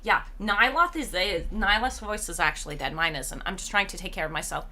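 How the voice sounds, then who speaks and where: Woman streamer, bright tone, strained tired voice, chatty and rambling. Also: medium pitch, lively intonation, fairly quick. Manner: chatty, rambling, reads chat aloud. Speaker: game streamer. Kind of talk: casual live-stream chat.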